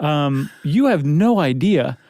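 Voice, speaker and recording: A man's voice: fairly high pitch, sing-song, slow, darkish tone, no room sound, studio quality. A man from the United States co-hosting a casual podcast chat, playful and jokey, often laughing. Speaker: podcast co-host.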